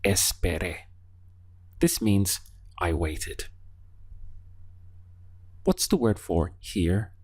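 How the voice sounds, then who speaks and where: Male language teacher, deep voice, unhurried, patient prompts with gaps for replies. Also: sing-song, darkish tone, husky. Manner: slow, patient prompts leaving pauses to answer. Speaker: Spanish teacher. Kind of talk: language lesson.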